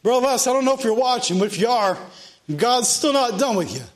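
Fervent high-voiced man preaching. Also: expressive, fairly quick. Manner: fervent, repetitive preaching cadence. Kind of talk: sermon.

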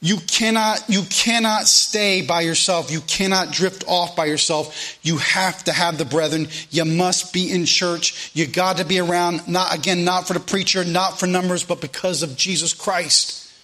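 A pastor preaches to his church in a high, ringing voice. He is earnest and conversational, circling back to repeat his points and slipping in plain asides. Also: steady tone, normal speed, sharp tone. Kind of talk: sermon. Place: church sanctuary.

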